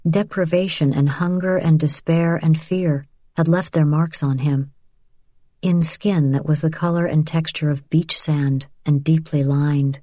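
A woman with a low, dark voice narrates an audiobook, telling the scripted story in a measured, steady way. The recording is studio quality with no echo.

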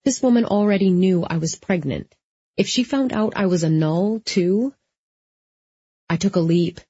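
A woman's voice: fairly low pitch, lively intonation, unhurried, warm tone, husky, no room sound. A woman narrating a first-person audiobook in a dry, wry storytelling manner, close to the mic. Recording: slightly dull lo-fi.

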